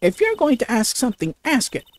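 A gamer voicing a stern middle-aged mob boss's wife in an attempted husky voice, blunt and intimidating, with heavy stutters while reading game dialogue aloud. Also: medium pitch, wildly swooping pitch, fairly quick, voice pushed up. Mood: commanding.

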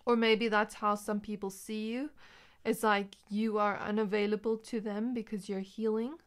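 Young woman, tarot reader, smooth clear voice, rambling with fillers. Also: mid-range voice, level tone, normal speed. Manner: rambling, intuitive, many "um" and "like" fillers. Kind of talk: pick-a-card tarot reading.

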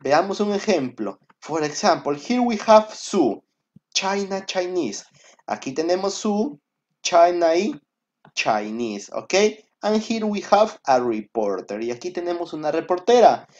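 A man's voice: high-pitched, big pitch swings, moderate pace, darkish tone. A man who speaks Spanish natively teaches English grammar step by step. He repeats each point in Spanish and keeps checking with "ok?". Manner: explains step by step, asks "ok?" often. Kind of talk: online grammar lesson. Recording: dull, muffled recording.

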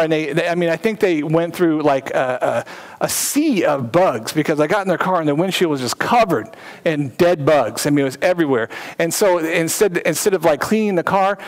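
A man's voice: on the high side, poor audio. A man preaching a sermon as pastor, building to emphatic repeated phrases and easing into conversational asides.

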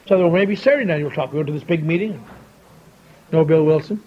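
A man's voice: a little high, quick pace. An older man telling a wry, folksy story to a convention audience, acting out the dialogue he quotes. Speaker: speaker at a recovery convention. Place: large convention hall. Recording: dull lo-fi tape with faint hiss.

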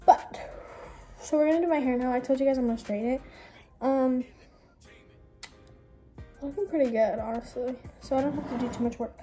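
A woman's voice: sits high, a little fast, long pauses, warm tone, soft background music. A young woman chatting casually to the camera while doing her makeup and hair, rambling and saying "like" constantly. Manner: chatty and rambling, heavy use of "like". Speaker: vlogger. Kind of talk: casual get-ready-with-me chat.

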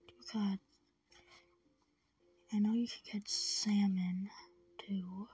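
Slow, half-whispering woman narrating gameplay. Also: medium pitch, level tone, husky. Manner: soft, half-whispered, rambling self-talk. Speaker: gameplay commentator.

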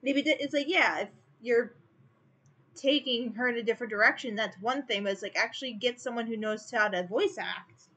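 A woman's voice: a little high, a little fast, sharp tone. A woman artist chatting casually while streaming her drawing, rambling and opinionated, full of "like" and "you know". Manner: rambling and opinionated, heavy use of "like". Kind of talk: casual livestream chat.

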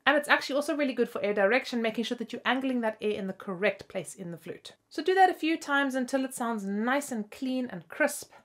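A woman's voice: fairly high pitch, animated, a little fast, hardly any pauses. A young woman with hiccups hosting a bubbly flute lesson video and laughing at herself, with flute playing between her phrases. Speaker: flute teacher and host.

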